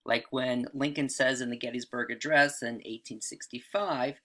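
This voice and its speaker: A man's voice: medium pitch, normal speed, a bit bright. A man teaching writing in a casual video lesson, often checking in with "all right" and "right?".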